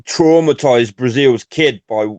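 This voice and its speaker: A man co-hosting a casual boxing podcast, talking in an animated, profane way and breaking into quoted voices. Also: medium pitch, a little slow, background noise. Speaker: podcast co-host.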